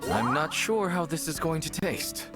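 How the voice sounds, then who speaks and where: A modest young man from a video game, unsure of himself and hesitant, as a man voices him. His voice rises and falls a lot, with music clearly playing behind. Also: fairly high pitch, animated, moderate pace, natural voice. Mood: uncertain. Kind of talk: video game character dialogue.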